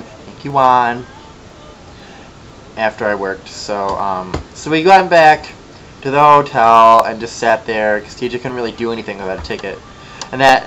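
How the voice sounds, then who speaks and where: A young man from Michigan spins a gossipy, chatty vlog story in a mid-pitched voice. He throws in sassy asides and acts out what people said. A faint rumble sits under the recording. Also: fairly bright tone, low-quality recording. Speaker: vlogger.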